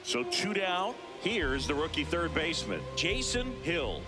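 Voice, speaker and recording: A man calls baseball play-by-play for a video game, his voice pitched high and swinging widely in tone. He takes his time between calls. Loud game music plays underneath. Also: sing-song, a little slow. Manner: rises sharply on big hits. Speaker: play-by-play announcer.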